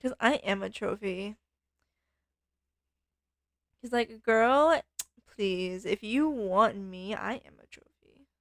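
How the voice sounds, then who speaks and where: A woman's voice: mid-range voice, slow, long pauses, a bit bright, no echo, studio quality, pitched below the performer's own voice. A woman putting on the voice of a ditzy, self-absorbed valley girl, drawling and full of "like". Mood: sassy.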